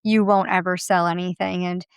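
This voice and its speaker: A woman hosting a podcast conversation, talking in an animated, emphatic way with quick asides. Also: on the low side, clear, resonant tone, no room sound. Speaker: podcast host.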